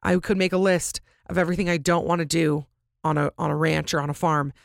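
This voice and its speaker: A woman's voice: fairly quick, creaky, no room sound. Chatty young woman podcast host, dry sound. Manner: chatty, lots of "like", animated pitch jumps. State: clearing throat from allergies. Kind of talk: casual chat, reading listener stories.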